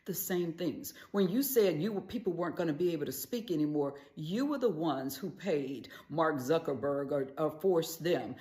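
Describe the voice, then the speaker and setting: A woman's voice: sits low, animated, moderate pace, hardly any pauses, mellow, reverberant. A woman giving political commentary, directly accusing her opponents. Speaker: conservative commentator.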